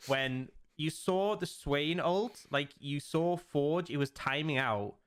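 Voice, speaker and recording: A slightly high-voiced man casting esports, breaking down plays in a loose, chatty way. He gets animated and acts out his own reactions as he talks. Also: takes it slowly, smooth. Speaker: esports caster. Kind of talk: esports analysis chat.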